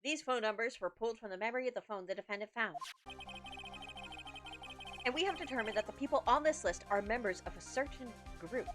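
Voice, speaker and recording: A woman's voice: on the high side, brisk, close to an everyday voice. A woman voicing an earnest young male defense attorney, reading the game's dialogue aloud. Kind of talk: game dialogue read aloud. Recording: game music underneath.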